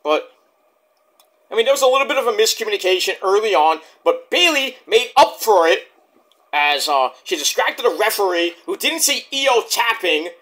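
A man's voice: high voice, expressive, moderate pace, a bit bright. Profane, heated man ranting about wrestling. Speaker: wrestling reviewer.

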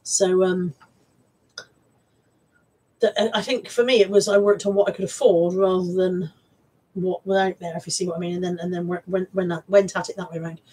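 This woman's voice is lowish, mellow and husky, with fairly even intonation, a normal speed and frequent pauses, heard over poor audio. Speaking with a Bristol accent, she chats casually on a live stream about her thrift haul, rambling, restarting and repeating words, and reading out viewer comments.

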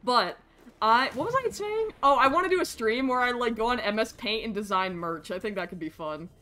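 An American woman streams a video game, talking excitably and rambling as she plays. Her voice is bright and a bit high, and she swears freely in her casual commentary. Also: brisk.

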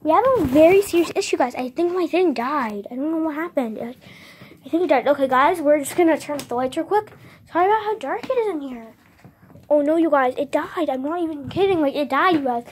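High-voiced bubbly young woman vlogging. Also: lively intonation, brisk. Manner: bubbly, dramatic, addresses viewers as "guys". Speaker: vlogger giving a house tour. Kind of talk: casual chat to camera. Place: family home, indoors.

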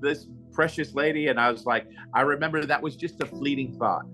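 A man recounts a personal story as a guest in an interview, speaking at an ordinary mid pitch. He tells it animatedly, often repeating "he said" before he acts out the quotes. Faint music plays underneath. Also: brisk, sharp tone.

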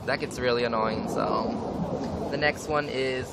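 A man's voice: medium pitch, fairly even intonation, takes it slowly, gravelly. A young man ranting casually to camera for a vlog, swearing often and filling with "like". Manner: frequent swearing, ranting, many fillers. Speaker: vlogger. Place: outdoors, windy. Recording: wind and traffic noise outdoors.

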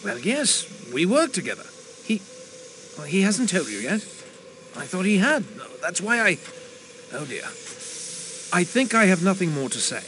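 A flustered, fussy passenger. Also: male voice, high voice, very animated, measured pace, long pauses, a bit bright, a little hiss or hum, exaggerated voice. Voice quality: flustered, rambling. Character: fussy, anxious male train passenger. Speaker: game character.

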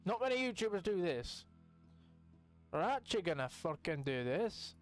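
A young man giving casual, rambling let's-play commentary as a gaming channel host, excitable and swearing freely. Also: high-pitched, moderate pace, soft background music. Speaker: gaming YouTuber.

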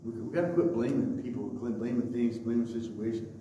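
A man's voice: medium pitch, a little fast, warm tone, lo-fi sound, slight background noise. A man preaching a sermon as pastor, emphatic and repetitive, often stopping to say "okay?" and "listen". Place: church sanctuary. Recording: echoey church hall, distant mic.

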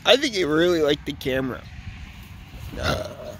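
A drunk man with a Wisconsin accent rambles and curses as he chats with cows outdoors. His voice sits high and swings up and down with animated energy. He is filming on a handheld camera. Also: a little slow, pauses often, slight background noise. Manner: rambling, profane, talks to the cows. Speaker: vlogger. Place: outdoors by a cow pasture. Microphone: handheld camera he films with.

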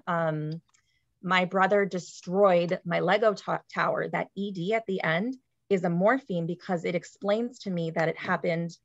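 A woman presenting to colleagues over a video call, with a lowish voice and an explanatory, chatty manner. She often checks in with a quick "right?". The call audio is dry and a bit dull and lo-fi. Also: dry recording. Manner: explanatory, tags points with "right?". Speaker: presenter, literacy teacher. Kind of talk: webinar presentation.

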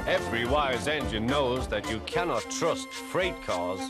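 A man narrating a children's storybook tale in a gentle, lively manner. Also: medium pitch, measured pace, hardly any pauses. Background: background music.

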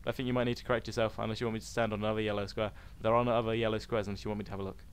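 A man giving silly, excitable commentary while playing a video game. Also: fairly low pitch, very fast, clean tone. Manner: silly, excitable, yelps and exclaims. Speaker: gaming video host. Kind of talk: let's play commentary.

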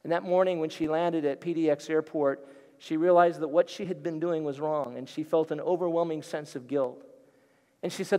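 Middle-aged guy pastor preaching, tells stories, lively, higher voice, echo hanging in a big church. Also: normal speed. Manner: animated, vivid storyteller. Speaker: guest pastor. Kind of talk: storytelling sermon. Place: church sanctuary. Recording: long hall reverb.

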